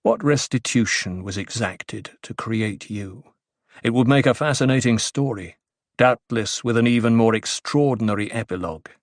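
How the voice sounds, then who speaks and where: A man's voice: mid-range voice, moderate pace, breathy edge, no room sound, studio quality, close to an everyday voice. A man voicing a placid, tense swordsman. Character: conditioned male swordsman, placid but strained. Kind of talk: audiobook character reading.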